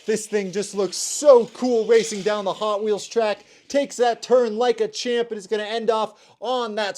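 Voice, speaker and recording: High-voiced young man calling toy car races. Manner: energetic play-by-play commentary. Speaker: toy car race host. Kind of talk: race commentary vlog.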